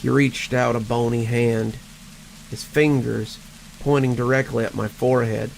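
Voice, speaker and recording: A male horror storyteller with a gravelly, mid-pitched voice. He reads in a measured way and stumbles over words at tense moments. Faint rain patters behind him. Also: steady tone, slight background noise, low-quality recording. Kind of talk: scripted horror narration.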